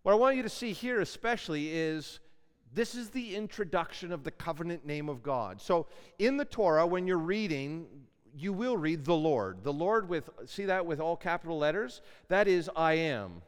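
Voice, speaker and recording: A man's voice: a little high, animated, moderate pace, smooth. A man giving a classroom Bible lecture in a conversational way, putting questions to his students. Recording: long hall reverb.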